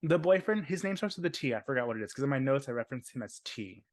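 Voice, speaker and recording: A man's voice: mid-range voice, animated, fast talker, no echo, studio quality. A man hosting a podcast in casual chat, sassy and dramatic, full of jokes. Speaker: podcast host.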